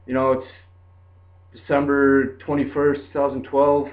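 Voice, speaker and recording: A man's voice: medium pitch, completely flat delivery, a little slow. A young man telling a story in a casual, rambling way, full of fillers like "like" and "dude". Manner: rambling, laid-back, lots of "like" and "dude". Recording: tinny lo-fi phone-like sound.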